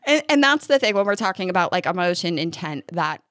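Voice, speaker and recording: Animated mom co-hosting a parenting chat. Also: female voice, on the low side, brisk, no echo, studio quality. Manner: animated, acts out her own yelling. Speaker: podcast co-host.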